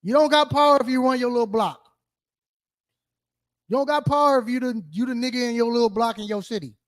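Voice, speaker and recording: A brisk man with a very high voice runs an interactive sermon-style scripture study. He throws out questions, calls on listeners, repeats what they answer, and sprinkles in slang and rhetorical "right?".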